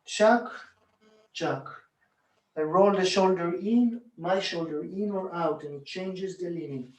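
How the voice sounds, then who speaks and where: A man, a bodywork teacher, calmly explaining a hands-on demonstration and chanting rhythm sounds as he works. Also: high-pitched. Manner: calm, unhurried, counts and chants rhythm sounds while demonstrating. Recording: echoey room, voice from a distance.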